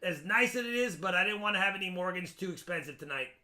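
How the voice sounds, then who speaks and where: A man hosts a live coin auction stream, talking loosely and chattily as he sizes up each coin. His voice sits high and sounds bright and clear. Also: animated, fast talker. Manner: chatty, appraising coins in loose run-on speech.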